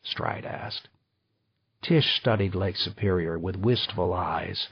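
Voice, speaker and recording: A man reading audiobook narration in an even, measured way. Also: deep voice, gravelly, husky, no room sound. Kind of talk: scripted narration. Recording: slightly dull dry recording.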